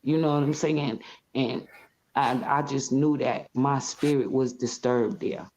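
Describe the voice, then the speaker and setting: A woman guest in a casual interview, telling her story in an animated, expressive way and acting out scenes. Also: very deep voice, a little slow, slight background noise. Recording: slightly muffled audio.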